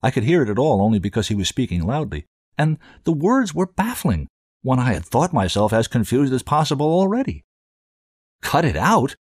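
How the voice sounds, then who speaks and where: A male host reading fiction aloud with expressive storytelling. His pitch moves widely from line to line, and the sound is close and dry, with no room echo. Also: moderate pace, husky. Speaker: host and reader. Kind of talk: scripted fiction narration.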